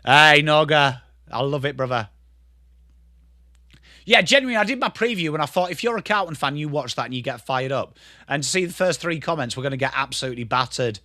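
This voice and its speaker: A high-pitched young Englishman with a bright, forceful tone calls the footy live on his stream. He flips between rapid play-by-play and loose, sweary chat with viewers, all recorded close and dry. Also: lively intonation, no room sound. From England. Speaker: livestream host. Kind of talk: live football watchalong commentary.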